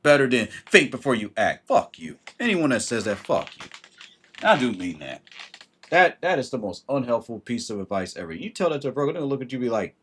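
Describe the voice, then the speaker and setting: A man's voice: medium pitch, very animated, a little fast, slight background noise. A man hosting a livestream and giving blunt, emphatic advice in a casual way. He greets viewers by name as he talks. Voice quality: husky.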